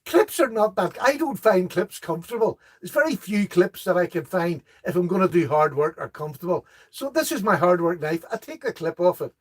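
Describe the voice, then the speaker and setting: A man's voice: high-pitched, big pitch swings, a little fast, hardly any pauses, breathy edge. A middle-aged man, hosting a casual live knife chat, reading viewer comments aloud and laughing at their jokes.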